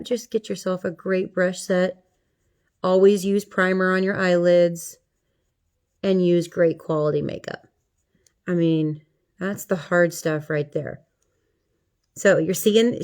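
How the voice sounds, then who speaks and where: A woman's voice: lowish voice, normal speed, darkish tone. A middle-aged woman talking viewers through a makeup tutorial in a chatty, playful way. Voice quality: chatty, playful, talks to viewers as she works. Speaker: makeup vlogger.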